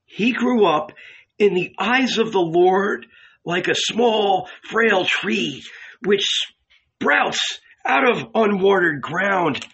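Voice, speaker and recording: A man's voice: sits high, expressive, slow pace, fairly bright tone, breathy edge, muffled recording, pitched above the performer's own voice, full character voice. A man voicing a stooped, scholarly male disciple who recites in a declaiming way, full of bitterness and strength.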